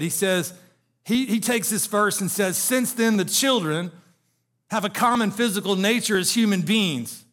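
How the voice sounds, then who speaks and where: A male pastor with a high, fairly bright voice preaches an expository sermon, asking the congregation one question after another and building to emphatic peaks.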